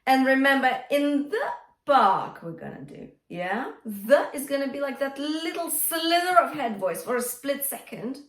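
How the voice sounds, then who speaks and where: A woman's voice: sits high, expressive, unhurried. A woman teaching a singing lesson as a vocal coach, encouraging and singing example phrases. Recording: roomy and a bit distant from the mic.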